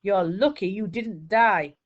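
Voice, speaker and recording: Woman voicing kindly family friend, gentle, reassuring, storybook. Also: medium pitch, slow, dull audio, natural voice.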